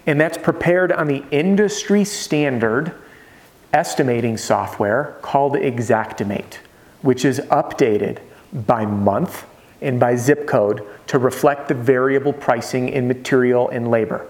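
A man coaching salespeople in an energetic, conversational way, often checking in with his listeners. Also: mid-range voice, unhurried. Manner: energetic, conversational, peppered with "right?" check-ins. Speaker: roofing sales trainer. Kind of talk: motivational sales coaching monologue.

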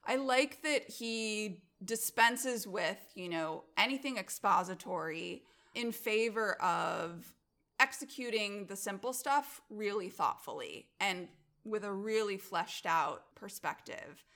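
A woman co-hosting a casual film-talk podcast, speaking at a middling pitch with a bright, forward tone. She talks with enthusiasm and leans on many filler words as she works through her thoughts. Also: lively intonation, slow pace. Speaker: podcast co-host.

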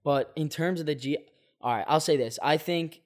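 A man's voice: on the high side, normal speed. A man in a casual sports podcast chat, hedging his opinions with many fillers and restarts. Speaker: podcast guest.

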